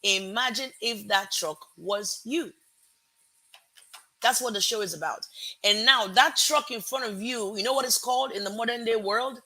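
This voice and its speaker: A woman hosts a motivational live stream with an accent that blends American and Nigerian. Her voice is bright and forceful, and her delivery stays energetic and conversational. She greets her audience warmly and stops now and then to correct her own words. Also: on the high side, moderate pace. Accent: American-Nigerian mix. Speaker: host.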